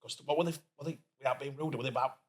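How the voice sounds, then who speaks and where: A man from Doncaster with a Yorkshire accent, a guest entrepreneur telling lively stories in a casual interview and acting out what people said. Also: medium pitch, rapid-fire. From Doncaster, England. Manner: lively storyteller who acts out quoted speech.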